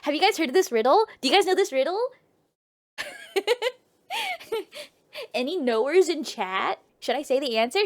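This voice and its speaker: Young female streamer, lively storyteller, high bright pitch, swinging all over. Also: moderate pace, long pauses. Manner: playful, profane, trailing off and restarting. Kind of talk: casual comedic storytelling to a live chat.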